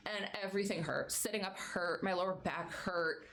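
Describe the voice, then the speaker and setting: A woman's voice: mid-range voice, brisk, a bit bright. A young adult woman streamer chatting casually and laughing often between stories. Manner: chatty, giggly, baby-talks her pets. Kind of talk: casual chat.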